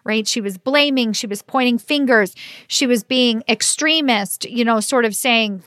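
On a clean studio recording with no room sound, a middle-aged leadership coach hosts her solo podcast, earnest and conversational and full of "like" and "right?". She sits on the high side with a slightly bright tone and keeps a moderate pace.

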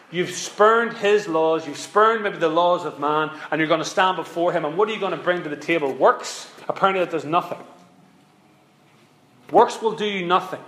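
A man's voice: a little high, fairly bright tone. Impassioned preacher man, echoey room. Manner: impassioned, repetitive preaching cadence. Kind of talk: sermon.

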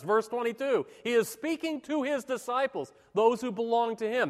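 High-voiced man preaching in a hall. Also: sing-song. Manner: emphatic, measured preaching with dramatic pauses. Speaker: pastor. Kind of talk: sermon.

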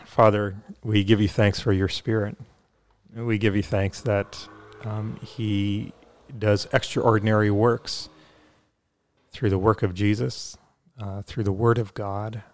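A man's voice: lowish voice, little pitch movement, slow. A man talking earnestly on a faith podcast, with many fillers and restarts, then leading a prayer.

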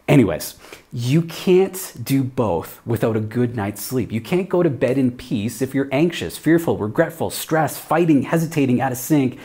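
Guy preaching in a chatty video sermon, lots of rhetorical questions, mid pitched voice. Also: animated, moderate pace, dark tone. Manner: conversational, asks many rhetorical questions.

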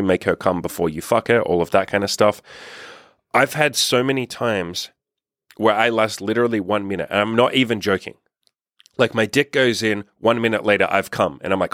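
A dating coach speaks directly to the camera in an advice monologue, his blunt counsel emphatic and full of profanity. His voice sits fairly low with a fairly bright tone, captured in a dry, studio-quality recording.

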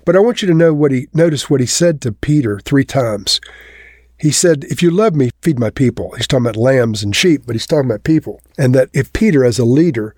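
A man's voice: animated, a little fast, darkish tone, dry recording. Conversational male preacher, dry sound. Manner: conversational, lifts pitch for quoted lines. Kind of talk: sermon.

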